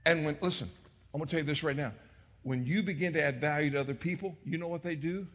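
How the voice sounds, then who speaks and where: Male pastor, middle-aged, bright and slightly raised voice, storytelling sermon that swings from soft to loud in a church sanctuary. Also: a little high, quick pace, in a large hall. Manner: storytelling preacher, swings from hushed to shouting.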